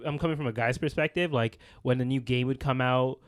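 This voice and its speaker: A man co-hosting a podcast in casual chat, talking in a relaxed, rambling way and laughing often, from a small room with lights and a camera. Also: mid-range voice, a little fast, dry recording, studio quality. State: feeling hot. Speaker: podcast co-host.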